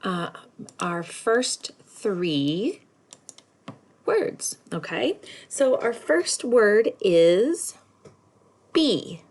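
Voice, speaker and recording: Woman, kindergarten teacher, sing-song spelling, unhurried, lively pitch. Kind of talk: recorded lesson for young children.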